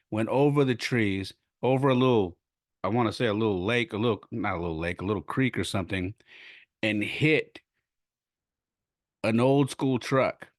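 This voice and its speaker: A middle-aged man hosting a podcast, earnestly retelling a story with lively restarts and self-corrections. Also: lowish voice, no echo, clean studio sound. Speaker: podcast host. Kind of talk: casual storytelling monologue.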